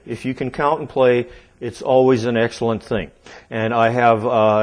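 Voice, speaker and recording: Guy giving a drum lesson, counts out loud over his playing, laid back, says okay a lot, some music under it. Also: mid-range voice. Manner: counts rhythms aloud while playing; relaxed, checks in often with okay and all right. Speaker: drum teacher. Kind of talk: instructional demonstration.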